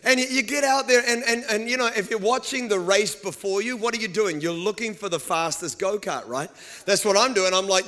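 High, bright-voiced animated male preacher. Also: fairly quick. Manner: animated storytelling with humor; vocal sound effects. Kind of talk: sermon. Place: room with a live congregation.

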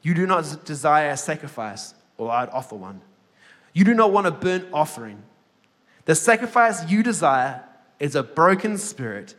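Higher-voiced man preaching and reading scripture. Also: fairly bright tone, long reverb tail. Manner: reads scripture aloud slowly with emphasis, joking asides to the congregation. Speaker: head of a ministry school, preacher.

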